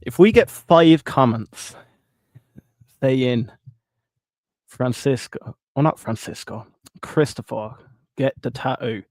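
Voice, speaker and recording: A man's voice: mid-range voice, slow, long pauses, a little mellow, dry recording. A man hosting a casual livestream, upbeat and jokey, greeting viewers by name and reading their comments. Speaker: livestream host reading chat.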